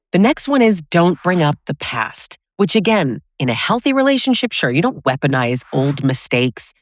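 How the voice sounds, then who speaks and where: A woman with a low, grounded voice speaks straight to her viewers, blunt and emphatic. Her advice lands as a direct address, with a close and dry sound and no room echo. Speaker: host. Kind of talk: direct-to-camera advice monologue.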